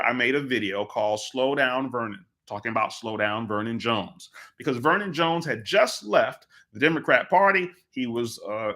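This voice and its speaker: A man with a bright, forceful voice hosting a live political commentary show. He talks emphatically, leans on repeated phrases and slips into quick impressions of the people he quotes. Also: medium pitch.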